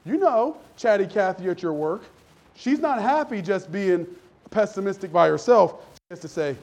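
A man's voice: high-pitched, lively intonation, a little mellow. Chatty preacher man. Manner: conversational, humorous, mimics people in quick voices. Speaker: pastor. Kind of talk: sermon.

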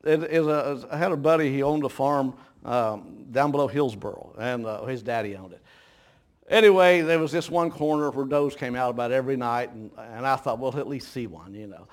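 A man's voice: mid-range voice, brisk. A man preaching a folksy sermon, telling homespun stories, chuckling often and stumbling over repeated words.

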